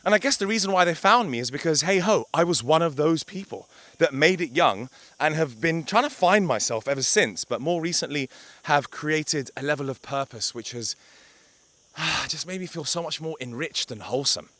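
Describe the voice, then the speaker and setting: A man's voice: a little high, expressive, moderate pace, a bit bright, no echo. A young man talking to camera outdoors by a beach, a blunt, emphatic life coach who swears for emphasis.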